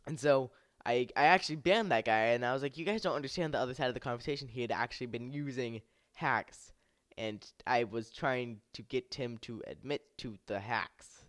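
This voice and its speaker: Young guy vlogging a gaming drama story, smooth clear voice, super dry mic, says like constantly. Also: normal speed, a bit bright, no echo. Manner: rambling, heavy use of "like" and "I was like"; rises in pitch when acting out his past anger. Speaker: YouTuber and game server moderator. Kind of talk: casual storytelling vlog.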